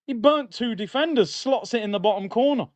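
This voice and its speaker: A young man hosting a live football watchalong, chatting in slang and getting loud at big moments. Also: very high-pitched, animated, brisk, no echo. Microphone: streaming mic.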